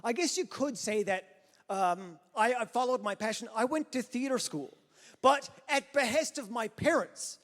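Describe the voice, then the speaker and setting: A man's voice: very high-pitched, lively intonation, moderate pace, a bit bright. A man hosting a comedy festival, telling stand-up jokes in a playful, self-deprecating way. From Newfoundland, Canada. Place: large theater with live audience. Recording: hall reverb, crowd and noise behind.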